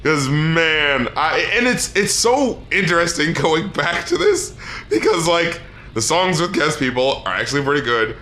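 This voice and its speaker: A man co-hosting a podcast, reviewing an album in casual chat, animated, laughing often and swearing freely. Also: fairly high pitch, a little slow, a little hiss or hum. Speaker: podcast co-host.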